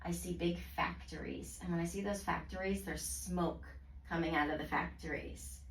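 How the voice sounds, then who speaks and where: A woman tutoring a student in reading, praising often and sounding out words slowly in parts. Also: lowish voice, fairly even intonation, slight background noise. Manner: slow, clearly segmented word pronunciation. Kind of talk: one-on-one reading lesson. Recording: roomy sound from a distance.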